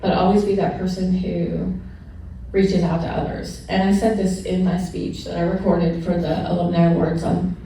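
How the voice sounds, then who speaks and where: Middle-aged woman, lowish voice, frank and laughing, addressing a room from a distance in a big echoey space. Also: flat delivery, normal speed, dark tone, slight background noise. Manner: candid, laughs often, gets emotional. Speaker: honored alumna speaking at a celebration. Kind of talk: personal storytelling remarks to an audience. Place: large echoey event room with an audience.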